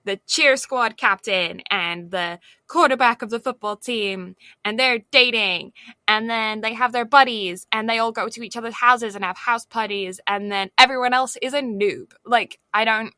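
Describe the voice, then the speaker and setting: A woman's voice: a little high, normal speed, bright, forceful tone, no echo. A woman co-hosting a podcast, chatting casually and rambling with plenty of filler words. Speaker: podcast co-host. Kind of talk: casual chat.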